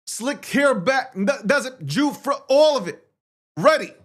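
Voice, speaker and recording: Speaking a little slowly in a very high, animated voice, this male host rants at his livestream audience. He's brash, boastful and profane, with repeated phrases and a barrage of rhetorical questions.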